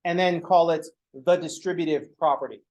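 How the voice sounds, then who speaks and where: A man's voice: on the high side, steady tone, normal speed, a little mellow, low-quality recording. A man teaching a math class in a loose, profane, conversational way, acting out little dialogues between students and teachers. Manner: casual, profane, acts out dialogues. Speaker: math instructor. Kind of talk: informal lecture.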